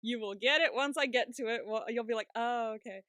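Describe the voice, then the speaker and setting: Talking fast in a fairly high, bright voice, this woman co-hosts a podcast and recaps a TV show episode. She performs the characters' dialogue and keeps laughing throughout the casual chat. The sound is clean studio audio with no room echo.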